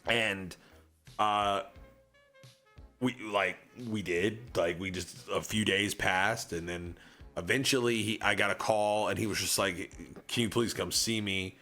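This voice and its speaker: A man's voice: lowish voice, slow, sharp tone, faint music behind. Rambling young man telling a story. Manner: rambling, heavy on fillers and reenacted dialogue. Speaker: streamer. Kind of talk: casual storytelling on stream.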